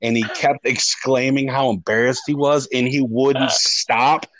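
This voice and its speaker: A man's voice: mid-range voice, fairly even intonation, unhurried, a bit bright, low-quality recording. A man co-hosting a podcast, telling a long rambling story with lots of swearing and restarts. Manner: rambling, profane, restarts often. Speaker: podcast co-host. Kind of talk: casual storytelling chat.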